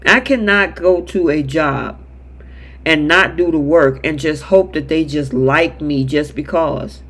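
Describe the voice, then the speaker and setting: High-pitched guy doing a live soap recap chat, animated, reads the chat out loud. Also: measured pace. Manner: animated, acts out characters in quotes, reads viewer comments. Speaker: show host.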